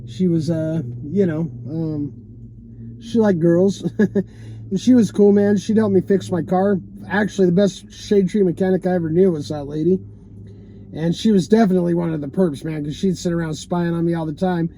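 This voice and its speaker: Rambling high-voiced man. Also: normal speed, dark tone, slight background noise. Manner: loose and rambling, many fillers like "you know" and "man", swears often. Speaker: vlogger telling a personal story. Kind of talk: casual rambling monologue. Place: inside a parked car.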